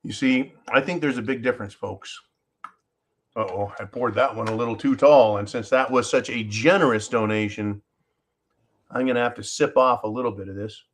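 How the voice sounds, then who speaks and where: A man's voice: medium pitch, normal speed. A man hosting a live stream, talking passionately and emphatically to his viewers, swearing freely and calling them folks. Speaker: live show host.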